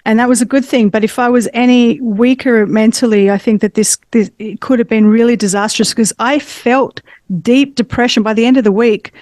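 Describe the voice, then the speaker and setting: A woman hosting a conversation, telling a personal story in an earnest, animated way. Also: mid-range voice, fairly quick, no echo, clean studio sound. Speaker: host.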